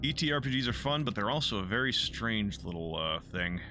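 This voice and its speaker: A man's voice: fairly low pitch, lively intonation, fairly quick, background noise. A man chatting casually while streaming a game, rambling and cursing, answering chat and poking fun at himself. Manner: rambling, profane, self-deprecating, reads and answers chat.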